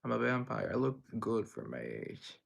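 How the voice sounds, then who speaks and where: Gravelly young man chatting on a livestream. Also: mid-range voice, very animated, moderate pace. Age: young adult. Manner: reads chat aloud and answers, rambling and playful. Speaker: livestream host. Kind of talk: casual livestream chat.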